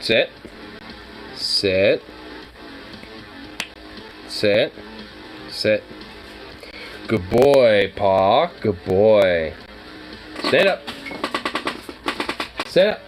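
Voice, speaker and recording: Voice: mid-range voice, animated, very slow, long pauses, faint music behind, rough recording. A dog owner chatting casually to their pet dog, teasing it playfully in baby talk with swearing and laughter.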